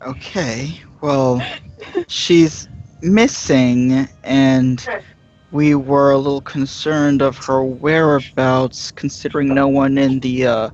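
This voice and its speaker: A man's voice: medium pitch, steady tone, slow pace, darkish tone, faint music behind. A man speaks as his character in a tabletop game, taking his time and choosing his words politely. The sound is dull and lo-fi. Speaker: player. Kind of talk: in-character tabletop role-play.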